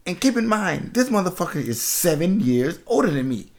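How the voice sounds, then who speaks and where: Gravelly man telling a profane story. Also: sits high, moderate pace. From Washington, D.C. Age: 30s. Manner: profane, laughing, animated storyteller. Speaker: podcast host. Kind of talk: casual storytelling chat.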